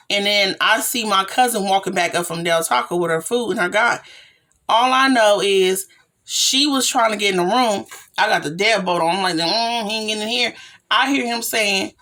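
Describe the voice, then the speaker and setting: A woman tells a story from her own life in relaxed, slangy talk, and her voice has a gravelly edge. She jumps up in pitch whenever she acts out her own startled lines. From California. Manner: animated, slangy retelling with rising excited quotes. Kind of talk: casual storytime monologue.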